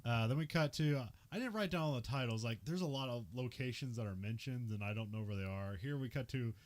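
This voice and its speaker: A man's voice: medium pitch, fast talker. A young man hosting a podcast, casually recapping a film with lots of filler words and laughs. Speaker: podcast host. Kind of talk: casual movie recap chat.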